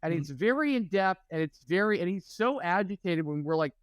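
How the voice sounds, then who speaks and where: A man in his thirties co-hosting a podcast, telling an animated story in casual chat. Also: high voice, a little fast, no echo. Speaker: podcast co-host.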